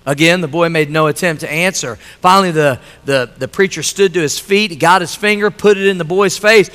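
A man's voice: a little high, a little fast, hardly any pauses, a bit bright, clean tone, big-room sound. A middle-aged male pastor preaching a sermon, emphatic and repetitive, telling a story for a laugh. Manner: emphatic, repeating lines, telling a joke story. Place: church sanctuary.

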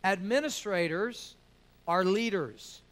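A man's voice: high-pitched, slow pace, a bit bright. A man preaching to a church class, keeping it jokey and calling out "amen?" and "right?" to the room. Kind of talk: sermon.

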